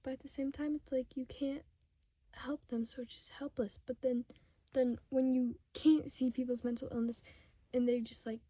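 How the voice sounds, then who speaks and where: A fifteen-year-old girl ranting casually to camera at home, rambling and sidetracked, talking fast in bursts and often dropping to a whisper. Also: high-pitched, little pitch movement, mellow, no echo. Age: 15, teenager. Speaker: vlogger. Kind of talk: casual unscripted rant to camera.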